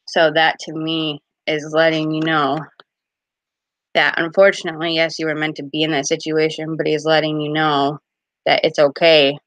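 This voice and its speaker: A woman's voice: deep voice, little pitch movement, normal speed, fairly bright tone, dry recording. A woman casually chatting on a live stream as a card reader, giggly and full of fillers.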